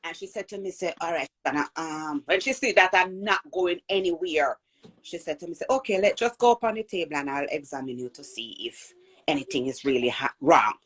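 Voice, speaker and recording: A woman with a Jamaican accent telling a personal birth story in an animated way, acting out the voices of people she quotes. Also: deep voice, fairly quick, husky. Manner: animated, acts out quoted voices, repeats and restarts.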